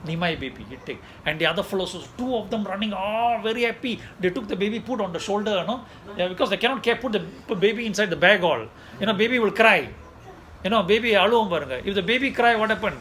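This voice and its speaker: A man telling a story in a sermon, animated, acting out voices and laughing often. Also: high-pitched, rapid-fire. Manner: animated, mixes Tamil and English, acts out voices, laughs often. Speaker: preacher. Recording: noisy ambience behind.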